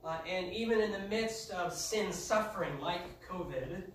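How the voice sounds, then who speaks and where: High-voiced man preaching in echoey church. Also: normal speed, distant mic, a little hiss or hum. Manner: emphatic preaching, rising to shouts. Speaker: pastor. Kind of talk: sermon. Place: church sanctuary. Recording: echoey church heard from afar.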